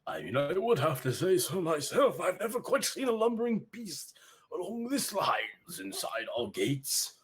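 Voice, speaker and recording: A fussy villager as a man puts on the voice who speaks high and primly with a gossipy lilt. The voice sounds plainly put on and curious, as if gawking at something strange. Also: huge pitch swings, normal speed, slightly rough, full character voice. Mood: nosy.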